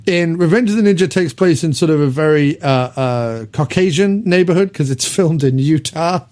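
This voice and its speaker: A man hosting a podcast, reviewing an old movie in casual chat, rambling with lots of ums and quick laughs. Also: on the high side, expressive, darkish tone. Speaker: podcast host.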